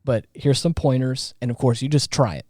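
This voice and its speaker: Mellow-voiced man chatting on a podcast. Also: medium pitch, a little fast, no echo, clean studio sound. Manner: rambling, lots of fillers and restarts. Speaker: podcast co-host. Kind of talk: casual chat.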